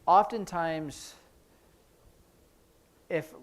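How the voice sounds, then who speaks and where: Brief: male sign language teacher, slightly high voice, explains as he demonstrates, hurried asides. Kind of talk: classroom instruction. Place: church classroom.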